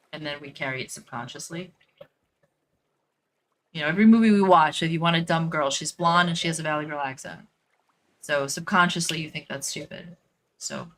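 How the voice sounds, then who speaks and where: Bright-voiced woman rambling while gaming. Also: deep voice, low-quality recording. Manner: rambling, filler-heavy, thinking aloud. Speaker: dog trainer. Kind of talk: casual chat while gaming.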